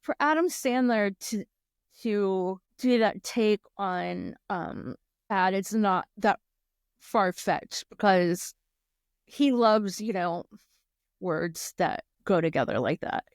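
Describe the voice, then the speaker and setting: On a casual podcast, a woman co-host chats and laughs often as she recounts things, quickly shifting pitch whenever she quotes someone. Her voice is expressive, clear and resonant. The recording is dry and studio quality.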